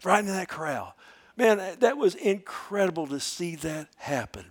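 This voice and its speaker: An older man, preaching a sermon in a folksy storytelling way that swings from hushed to loud. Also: sits high, sing-song, moderate pace. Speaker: pastor.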